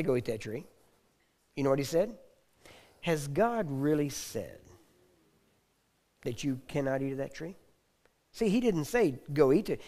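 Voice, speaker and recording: A man teaching a sermon, often checking in with his listeners and clearing his throat now and then. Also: fairly high pitch, warm tone. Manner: repetitive, asks the audience for agreement. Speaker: preacher.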